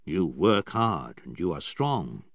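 A man voicing a proud old submarine captain who is dying, speaking slowly, firmly and gravely. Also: sits low, sing-song, dry recording, studio quality, exaggerated voice. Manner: slow, firm and grave.

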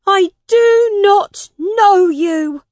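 A woman voicing Tom, a young pauper boy posing as king, by turns shouting and sad in a storybook reading. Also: very high-pitched, drawn-out words, no echo, voice pushed up, exaggerated voice. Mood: shouting, anguished.

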